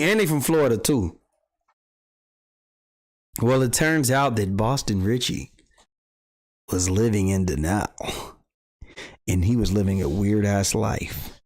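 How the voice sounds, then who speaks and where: A man hosting a casual livestream, telling street gossip in an animated, profane style and acting out quotes. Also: on the low side, slow pace, pauses often, low-quality recording. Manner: animated storytelling, acts out quotes, swears freely. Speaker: podcast host.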